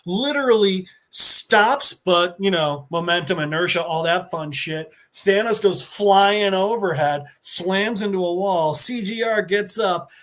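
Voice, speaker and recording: A man on a podcast excitedly retelling a comic-book story, restarting his sentences as he goes. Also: high-pitched, measured pace, hardly any pauses. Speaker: podcast co-host.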